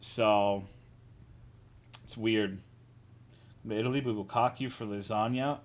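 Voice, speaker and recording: A man's voice: on the low side, steady tone, takes it slowly. A man from Texas streaming, chatting casually and answering his chat in a rambling, profane, self-deprecating way. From Texas, USA.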